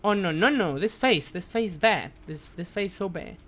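A man whose first language is Spanish, streaming a game live in broken English, jumpy and quick to yelp and curse when startled. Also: high-pitched, animated, fairly bright tone. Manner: broken, non-native English.

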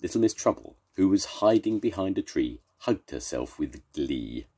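An older man, a grandfather, reading a children's story aloud in a playful, animated way. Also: extremely low pitch, moderate pace, hardly any pauses, husky.

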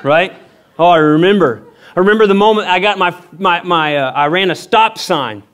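A middle-aged man preaching a sermon as pastor, telling a personal story in an animated way and acting out the voices with big pitch jumps. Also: moderate pace.

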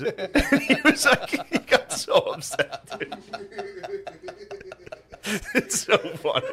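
A man's voice: fairly high pitch, wildly swooping pitch, slow pace, long pauses, fairly bright tone. A man hosting a casual podcast chat, telling family stories through frequent laughter and mimicking his dad. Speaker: podcast host.

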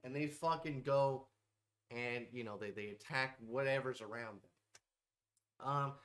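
A young man with a medium-pitched, slightly bright voice speaks slowly as host of a comedic tier-list video ranking game characters. He rants brashly, swearing constantly with mock-tough bravado.

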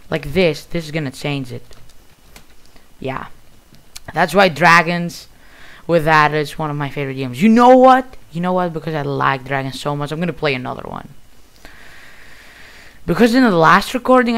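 A man with a Greek accent giving casual, excitable commentary while playing a video game. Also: a little high, normal speed, pauses often. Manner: excitable, bursts of loud exclamations. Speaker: gamer.

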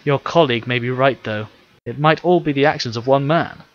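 A man's voice: mid-range voice, a little fast, highs cut off, lightly acted. A man doing a confident, upbeat commander. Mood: persuasive. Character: confident friendly male commander.

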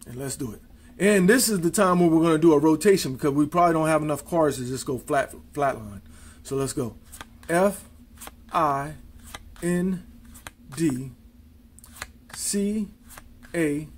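A man's voice: fairly high pitch, a little slow, long pauses. A man demonstrating card tricks, talking casually and counting and spelling aloud as he deals. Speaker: amateur magician.

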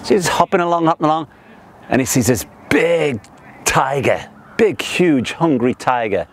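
A man coaching a soccer practice on an outdoor field, calling loud energetic commands and counting down. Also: a little high, normal speed.

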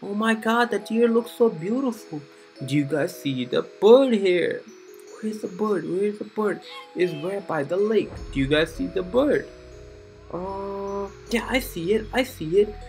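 A woman's voice: medium pitch, expressive, measured pace, darkish tone, soft background music. A woman narrating a children's cartoon in a gushing, exclamatory way, keeps asking the young viewers questions. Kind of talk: chatty commentary for children.

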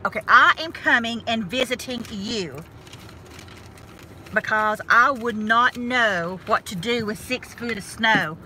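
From inside her car, a woman vlogger with a North Georgia Southern accent chats casually with viewers, folksy and self-mocking. Her voice is fairly high, slow, bright and forceful. A phone or camera clipped to the sun visor picks her up alongside faint road and car noise.

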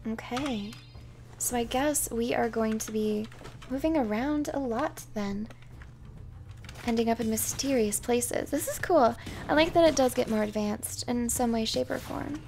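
A woman streamer reading a visual-novel game aloud in a calm, soft-spoken way. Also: a little high, unhurried, creaky.

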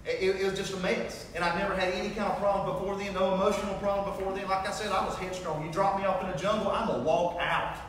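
Man preaching his testimony, high voice, echoey hall, distant mic, faint ambience. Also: fast, hardly any pauses, noisy background. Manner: animated storytelling, acting out dialogue. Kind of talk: sermon testimony.

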